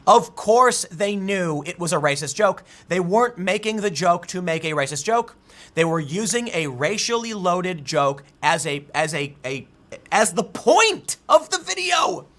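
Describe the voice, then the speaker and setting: A man's voice: sits high, normal speed. A man giving solo commentary on news stories, reading out articles and riffing with frequent restarts. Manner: animated, reads out articles then riffs with restarts. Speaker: political commentator.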